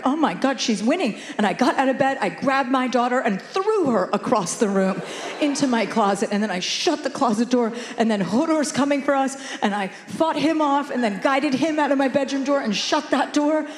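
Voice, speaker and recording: A woman doing stand-up, telling a story in a deadpan way and laughing at her own lines. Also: on the high side. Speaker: stand-up comedian. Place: theater stage before a live audience. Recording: roomy hall reverb with background noise.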